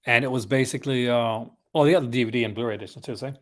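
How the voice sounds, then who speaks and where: A man's voice: mid-range voice, very fast. Rambling, enthusiastic man on a live stream. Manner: rambling and conversational, full of asides; enthusiastic film collector. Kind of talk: casual live unboxing chat.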